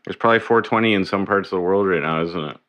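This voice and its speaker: A man's voice: low-pitched, fast, a bit bright, muffled recording, slight background noise. A man hosting a casual livestream, swearing and grumbling as he fixes his setup. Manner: swearing, grumbling over tech trouble. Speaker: livestream host.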